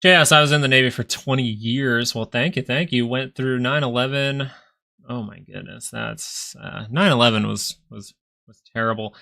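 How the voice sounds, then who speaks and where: Male livestream host, chatty and rambling, gravelly low voice with a tense, bright edge. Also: moderate pace. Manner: rambling, chatty, answers viewers directly. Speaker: stock market livestream host. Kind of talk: casual live stream market commentary.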